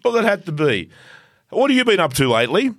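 A man's voice: sits high, very animated, fast talker, a bit bright, no echo, studio quality. A man hosting a podcast, bantering casually with guests, swearing freely and laughing a lot. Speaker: podcast host.

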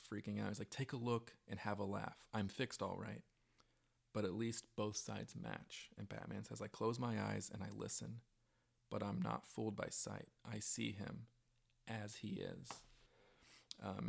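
Podcast co-host, male, gravelly and monotone, earnest rambler. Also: lowish voice. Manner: earnest, rambling with many fillers. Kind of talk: casual chat.

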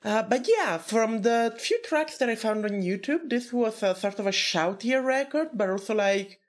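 A woman's voice: on the high side, expressive, normal speed. A woman co-hosting a podcast in casual chat, rambling with lots of restarts and fillers. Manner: rambling, many "like"s and restarts, giggly. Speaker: podcast co-host.

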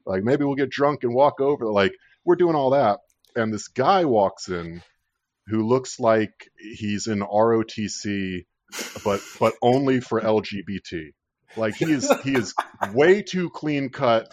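A man's voice: fairly low pitch, no echo. A man in his thirties casually telling a rambling personal story, swearing freely and laughing at his own tale.

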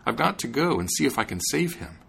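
A man's voice: mid-range voice, very animated, fairly quick, vocal fry, pushed and bright, slightly rough, voice pushed up, exaggerated voice. A man playing a brave, resolute young brother.

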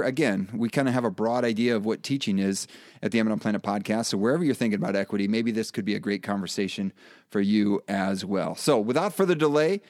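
A man's voice: medium pitch, a little mellow, dry recording. A man hosting an education podcast, talking casually with many fillers and restarts. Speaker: podcast host.

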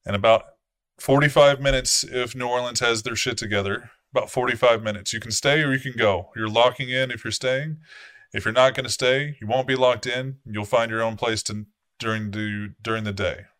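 Man doing a stern vampire prince, male, commanding and formal, curt swearing, forceful bright voice, dry close sound. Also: mid-range voice, no room sound, pitched above the performer's own voice, lightly acted. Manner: authoritative, measured orders with blunt swearing.

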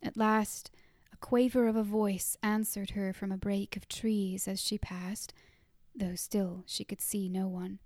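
A woman narrating a story in a soft whispered role-play, hushed and unhurried. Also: medium pitch, flat delivery, no echo, studio quality.

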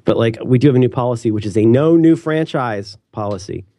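A man in his thirties co-hosting a podcast, chatting casually in a rambling, animated way. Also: medium pitch, fairly quick, no room sound. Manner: rambling, self-interrupting, animated. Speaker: podcast co-host. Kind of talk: casual chat.

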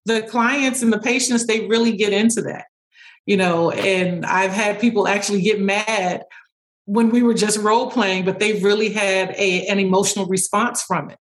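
A woman clinician explains her therapy work as an interview guest, telling anecdotes with animation. Her voice sits at a middle pitch, and laughter often breaks into her talk. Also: steady tone, moderate pace, rough recording. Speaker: speech-language pathologist guest.

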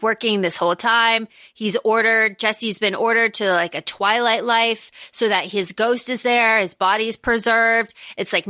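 Bright, high-voiced woman recapping a book. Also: no echo. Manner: animated recapping, filler-heavy, swears casually. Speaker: podcast co-host. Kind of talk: casual book-discussion chat.

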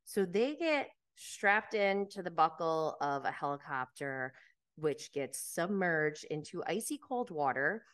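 A woman's voice: medium pitch, a bit bright. A woman hosting a podcast, chatting casually and with animation about reality TV, laughing often and filling her talk with "like". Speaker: podcast host. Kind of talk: casual chat recapping reality TV.

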